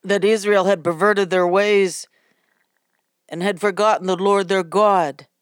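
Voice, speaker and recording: Woman preacher, slow delivery, smooth tone, dry close sound, halting and fervent, repeats herself. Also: medium pitch, steady tone, no room sound. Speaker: ministry host and preacher. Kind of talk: devotional sermon.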